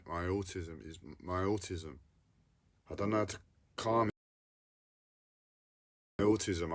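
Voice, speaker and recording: Distressed man, halting and repetitive. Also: deep voice, a little mellow. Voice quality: whiny. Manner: repetitive, halting, self-interrupting. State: distressed, on edge. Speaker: livestreamer. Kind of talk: unscripted personal vlog monologue.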